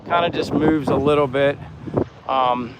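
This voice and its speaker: A man's voice: a little high, fairly even intonation, a little slow. Fifties male vlogger from Pennsylvania, friendly rambler, slightly raised voice, phone mic outdoors with faint wind noise. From Pennsylvania, USA. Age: 50s. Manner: rambling and friendly, reads chat comments aloud. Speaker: vlogger, live-stream host. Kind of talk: casual live-stream chat while walking. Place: outdoors by the sea in a town. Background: breeze and faint street and boat sounds.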